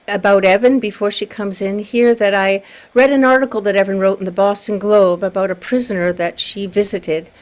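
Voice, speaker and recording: Gentle woman minister leading prayer. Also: mid-range voice. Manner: gentle, prayerful, warm-hearted. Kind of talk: leading a service on a video call.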